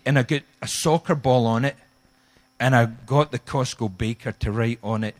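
A middle-aged man preaching a sermon, telling a humorous story with animated, acted-out quotes. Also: mid-range voice, normal speed. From Scotland. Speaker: guest pastor.

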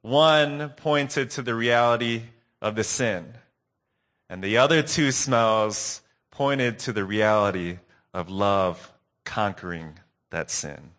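A man preaching a sermon recap, earnest and telling a story with dramatic pauses. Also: lowish voice, a bit bright.

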